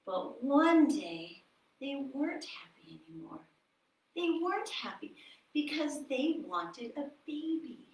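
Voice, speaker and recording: A preschool ballet teacher tells a folk tale in a playful, sing-song voice, giving cues for movements along the way. She speaks high and unhurried, and the sound is roomy and picked up from a distance in a dance studio. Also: big pitch swings, a little mellow. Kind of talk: children's storytime with dance movements.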